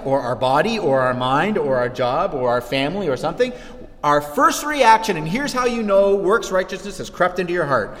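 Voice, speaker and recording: A man preaching a sermon, animated, dropping low and then rising to shouts. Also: in a large hall. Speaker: pastor.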